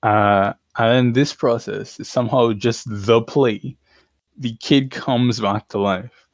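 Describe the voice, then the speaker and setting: A man's voice: medium pitch, steady tone, slow, dry recording. A man casually retelling stories on a podcast, irreverent and slangy, laughing as he goes. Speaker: podcast co-host. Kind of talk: casual chat.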